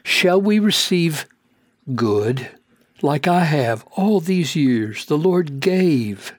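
A man's voice: fairly high pitch, lively intonation, drawn-out words, breathy edge, no room sound, clean studio sound, pitched above the performer's own voice, full character voice. A man voicing a grieving older man who tenderly but firmly corrects his wife, with his delivery rising in emphasis. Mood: earnest.

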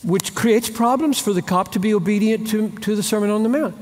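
A man's voice: high voice, fairly quick, darkish tone, big-room sound, a little hiss or hum. A man preaching a sermon. He speaks with emphasis, repeats key phrases, and acts out short exchanges between people. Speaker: pastor.

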